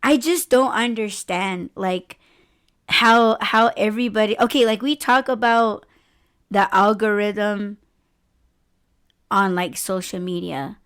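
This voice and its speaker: A woman of about forty co-hosts a podcast in a casual, rambling chat, laughing often and restarting her sentences. Her medium-pitched voice is smooth and a bit bright, and she speaks slowly with long pauses.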